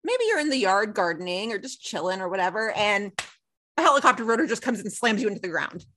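A young woman co-hosting a casual recap chat, telling the story with lively acted-out quotes. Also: mid-range voice, quick pace, slight background noise. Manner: animated storytelling, acts out quotes. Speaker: podcast co-host.

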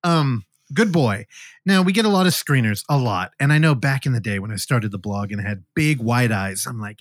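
Lively rambling man reviewing a movie. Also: medium pitch, brisk, no echo, studio quality. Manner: rambling, jokey, acts out characters' lines. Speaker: podcast co-host. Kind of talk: casual podcast film review.

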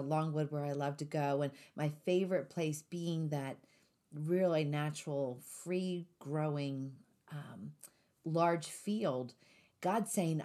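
A woman with a deep, mellow voice hosts a Christian talk show, sharing her own story with light humor before moving into scripture teaching. It's a faith-based podcast chat.

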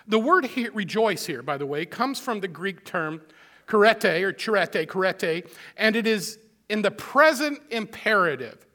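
A man's voice: sits high, pushed and bright. A man preaching a sermon as pastor, emphatic and repetitive, with casual asides to his congregation. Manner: emphatic, repeats phrases for stress.

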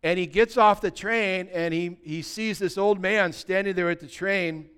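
A man, a pastor preaching a sermon and telling stories, swinging from loud passages to hushed ones. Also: high voice, normal speed, clear, resonant tone. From United States.

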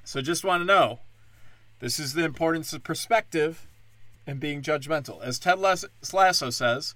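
A young man with a bright, forward voice tells long, profane stories in a loose, rambling way. His sound is dry and close to the mic. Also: on the high side, measured pace, dry recording. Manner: profane, rambling, animated storytelling. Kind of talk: casual storytelling rant.

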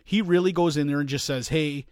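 A man with a slightly higher voice, talking loosely and at length on a podcast. He strings stories together with acted-out quotes and asides. The sound is dry and close, with no room echo. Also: fast talker, a little mellow. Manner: rambling, storytelling with quoted asides. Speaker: podcast co-host. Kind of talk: casual chat.

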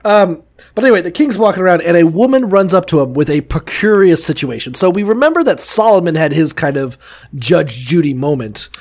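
Animated high-voiced man joking around. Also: brisk. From Ohio. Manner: profane, laughing, acts out voices. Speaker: podcast co-host. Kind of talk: casual comedic chat.

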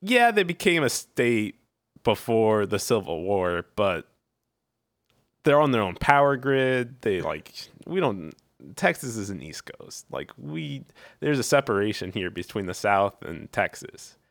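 A man's voice: fairly low pitch, sing-song, unhurried, vocal fry, a bit bright, dry recording. A man from Virginia, guest-hosting a podcast, chatting casually and joking with frequent laughs. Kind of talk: casual chat.

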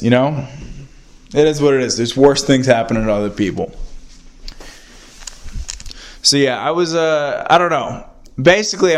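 A young man hosting his own podcast, rambling and self-mocking as he talks into a handheld voice recorder indoors at a friend's house. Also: medium pitch. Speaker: podcast host. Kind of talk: casual solo podcast rant.

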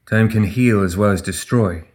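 A man voicing a stern, proud fae queen in an audiobook, speaking with measured, regal gravity. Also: on the low side, darkish tone, lightly acted.

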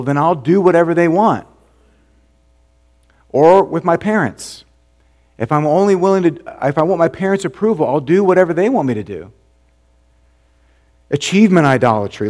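Preaching in a conversational style, a man who is a pastor poses rhetorical questions and lowers his voice to something soft and deep when he wants to stress a point.

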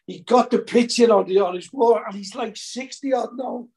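An older man with a notably high voice rambles through memories on a podcast. He restarts his phrases often in a relaxed chat. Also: moderate pace. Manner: rambling, repeats words. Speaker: podcast co-host. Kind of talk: casual chat.

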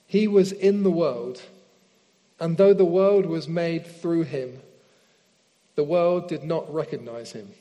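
Earnest preacher in a reverberant church hall. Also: male voice, fairly high pitch. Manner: earnest, slows down and softens in prayer. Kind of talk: sermon with prayer and scripture reading. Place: church hall with screen behind speaker.

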